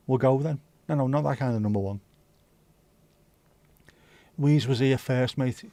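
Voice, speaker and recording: A man's voice: mid-range voice, a little fast, long pauses, warm tone, no room sound. A middle-aged man from Liverpool with a Scouse accent, hosting a livestream in rambling, casual chat that swears freely. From Liverpool, England. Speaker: livestream host.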